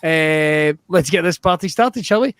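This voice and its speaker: A man hosting an improv livestream in an excitable, jokey way, swearing freely. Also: on the high side, measured pace, smooth, dry recording, studio quality. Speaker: improv show host.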